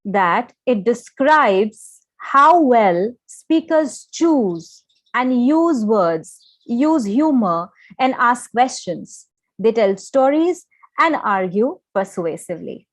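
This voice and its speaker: A woman explains each point to a class. She has a fairly high voice and keeps asking "okay?" The sound is close and dry, with no room echo. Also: very animated, slow. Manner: explanatory, mixes English and Hindi phrases, frequent "okay?" checks. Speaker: lecturer. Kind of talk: lecture on listening skills.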